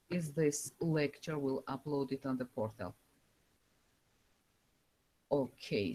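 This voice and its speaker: A woman with a very low voice gives a live online university lecture. She speaks slowly and haltingly, filling pauses with "uh" and "um" as she searches for words, through a computer microphone. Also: dark tone. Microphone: computer microphone over a video call.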